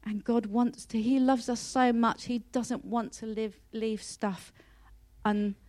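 A woman's voice: fairly high pitch, fairly even intonation, takes it slowly, darkish tone. Earnest, heartfelt woman. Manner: repeats and restarts words. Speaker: Christian speaker. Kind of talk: personal devotional talk.

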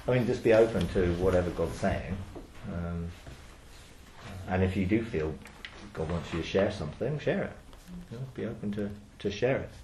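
A man leading a small church meeting, talking in a relaxed, halting way with frequent restarts. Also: sits low. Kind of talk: casual group discussion. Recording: echoey room with faint noise.

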